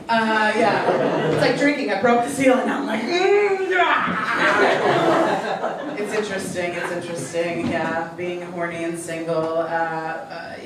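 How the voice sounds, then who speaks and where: A young woman from Long Island doing a stand-up set in a comedy club, dropping deadpan one-liners and chatting with the crowd, in a Long Island accent. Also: on the low side. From Long Island, New York. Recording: echoey club from far off, noisy. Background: audience laughter.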